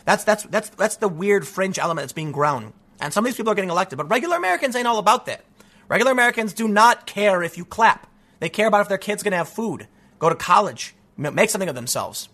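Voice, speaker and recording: A man giving an animated, sarcastic political commentary, talking casually and sounding a bit stuffy from allergies. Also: high voice, fast talker. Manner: animated and sarcastic, with frequent mocking voices. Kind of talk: casual opinion monologue.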